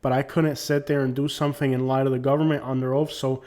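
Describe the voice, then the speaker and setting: A man's voice: mid-range voice, level tone, quick pace, a little mellow. A man born in Cuba giving emphatic, preachy casual commentary to his audience, at times reading a letter aloud in a formal tone.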